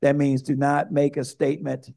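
Gravelly-voiced male pastor preaching. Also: mid-range voice, moderate pace. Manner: lively storytelling preacher, speaks straight to the congregation. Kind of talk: sermon.

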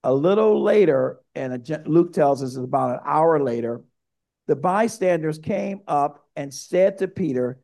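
A male pastor preaching a sermon, telling a story in a lively way and speaking straight to the congregation. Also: on the high side, unhurried, creaky.

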